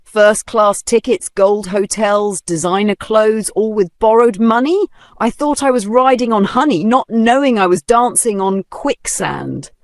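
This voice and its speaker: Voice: medium pitch, unhurried, no echo, studio quality, voice pushed up, natural voice. A narrator voicing a furious, ruined widow who shrieks and curses in a storybook tale. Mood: raging. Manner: shrieking, cursing, melodramatic.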